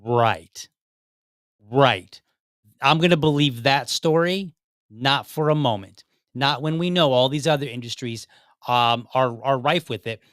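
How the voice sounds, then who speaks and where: A male podcast host with a mid-range, fairly bright voice speaks unhurriedly over clean, dry studio sound. He comments on a played clip in a direct, argumentative way, often repeating himself as he builds his point.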